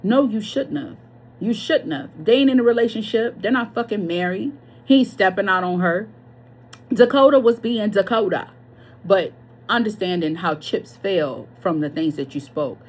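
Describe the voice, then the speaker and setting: A woman's voice: medium pitch, expressive, normal speed, husky. A woman giving a casual tarot reading, chatty and blunt, swearing freely and wandering off on tangents. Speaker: tarot reader.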